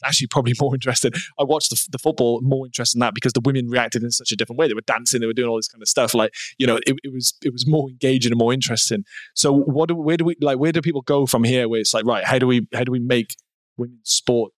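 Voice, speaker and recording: A man's voice: mid-range voice, steady tone, rapid-fire, dry recording. A man hosting a podcast, asking long rambling questions that he restarts as he goes. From Wales. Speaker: podcast host. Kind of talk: casual podcast chat.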